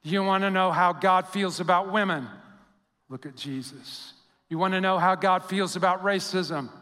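A man preaching a sermon as pastor, telling stories with animated quoted voices and dropping soft for emphasis. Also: high voice, normal speed, in a large hall.

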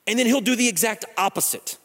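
A man's voice: high voice, fast talker, fairly bright tone. A man in his thirties preaching a sermon in a church, telling a personal story in a conversational, joking way. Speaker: pastor. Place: church sanctuary. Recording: long hall reverb.

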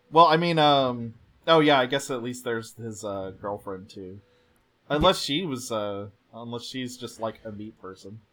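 A man's voice: medium pitch, takes it slowly, a bit bright. A man co-hosting a podcast, chatting casually and joking through an episode recap. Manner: chatty, joking, laughs often. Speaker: podcast co-host.

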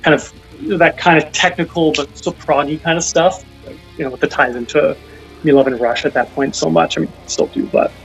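Rambling young man with a gravelly voice. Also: on the high side, steady tone, fairly quick. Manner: rambling, full of fillers and restarts. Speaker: guest musician. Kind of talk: casual interview by phone. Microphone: phone call. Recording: dull lo-fi call-in audio, faint music.

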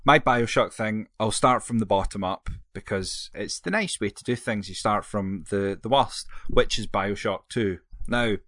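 A man's voice: lowish voice, normal speed, hardly any pauses, fairly bright tone, dry recording, clean studio sound. A man, co-hosting a casual chat and rambling through his opinions, often correcting himself. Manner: rambling, self-correcting, jokey. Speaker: podcast co-host.

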